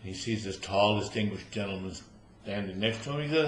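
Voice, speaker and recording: A man's voice: lowish voice, brisk. An older man telling jokes to a live club crowd, chuckling at his own punchlines. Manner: storytelling, laughing at own punchlines. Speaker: amateur joke teller. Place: room at a social club after bridge. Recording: roomy room with faint noise.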